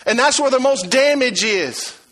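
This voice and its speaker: A man delivers a sermon in a high, bright voice. He repeats his words for emphasis and swings from loud urging to hushed asides. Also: animated, moderate pace, rough recording. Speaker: preacher.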